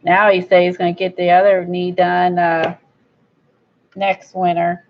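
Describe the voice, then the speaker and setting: A woman's voice: lowish voice, flat delivery, a little slow, slight background noise. A woman chatting casually while she crafts, blunt and rambling, with an admittedly impatient streak. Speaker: crafter vlogger. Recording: dull lo-fi recording.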